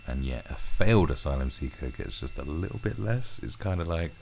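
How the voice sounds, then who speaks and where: A man's voice: extremely low pitch, lively intonation, a little fast, creaky, darkish tone, a little hiss or hum. A man ranting through a commentary video, swearing heavily and often restarting his sentences. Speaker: commentary vlogger.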